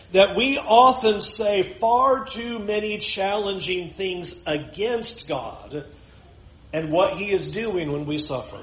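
A man's voice: high-pitched, roomy sound, low-quality recording. A man preaching a sermon in a conversational way, with joking asides. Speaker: pastor.

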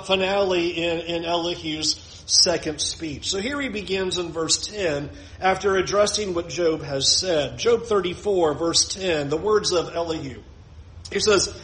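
Emphatic high-voiced male preacher, echoey room. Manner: earnest, emphatic repetition with slowed phrases. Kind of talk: expository sermon.

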